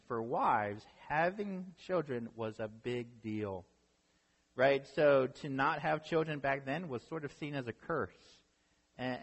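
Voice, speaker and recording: A medium-pitched man with vocal fry preaches as a pastor, telling a story in a relaxed, conversational way. "Right?" comes up often as he checks in with the audience, and the hall's reverb is long.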